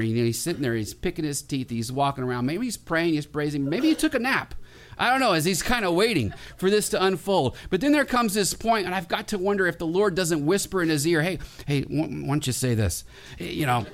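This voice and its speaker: Man preaching a humorous sermon. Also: a little high. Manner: conversational, humorous, with many restarts. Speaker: pastor.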